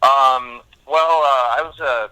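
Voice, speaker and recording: A man's voice: medium pitch, fairly even intonation, slow, bright, forceful tone, smooth. A man chatting as a guest by phone, rambling with many fillers and restarts. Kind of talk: casual phone interview. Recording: phone line.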